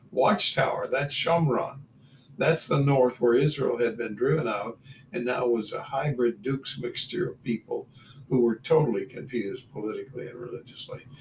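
A man reading Bible verses aloud and adding blunt comments between them. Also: medium pitch. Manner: reads verses then adds blunt asides. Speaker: Bible teacher. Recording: roomy, distant mic with faint room noise.

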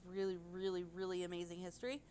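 A woman's voice: lowish voice, fairly even intonation, quick pace, mellow, smooth. A woman co-hosting a casual podcast chat, rambling and gushing, with casual swearing. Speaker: podcast co-host.

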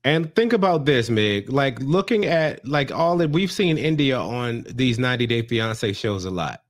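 A man's voice: medium pitch, sing-song, moderate pace. A man from the United States co-hosting a comedy podcast, blunt and slangy, laughing often. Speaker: podcast co-host. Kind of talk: casual comedic chat.

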